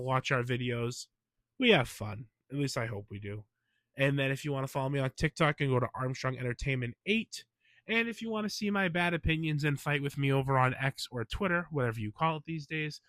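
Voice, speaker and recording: A man's voice: medium pitch, a bit bright, dry recording. A man hosting a podcast in a casual, opinionated monologue, sounding stuffy from a cold and throwing in emphatic asides. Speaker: podcast host.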